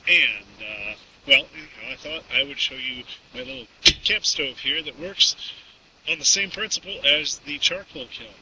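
A man's voice: on the high side, very animated, normal speed. A man casually demonstrating a camp stove outdoors, rambling with lots of fillers. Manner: folksy, rambling, with many fillers. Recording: distant outdoor mic with background noise.

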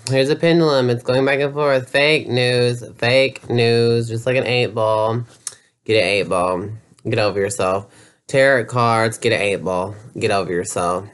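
Slow, sneering man ranting. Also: medium pitch, fairly bright tone, clear, resonant tone. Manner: mocking, profane, jeering. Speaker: YouTuber. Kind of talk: sarcastic comedy rant.

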